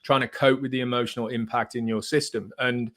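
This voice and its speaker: Male therapist guest, measured and explanatory, mid-range voice. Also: mid-range voice. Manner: calm, methodical, explanatory. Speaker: psychotherapist guest. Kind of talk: explaining therapy concepts in conversation.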